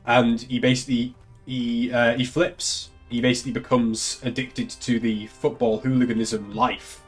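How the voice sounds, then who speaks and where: A man's voice: medium pitch, little pitch movement, normal speed, breathy edge, soft background music. An English man, a young adult, chatting casually on a live stream, laughing often and swearing freely. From England. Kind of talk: casual chat.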